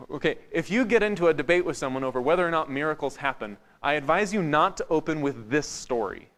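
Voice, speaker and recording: A man preaching a conversational sermon in a church, wry and informal, moving between lively asides and hushed emphasis. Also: on the high side, fast talker, few pauses.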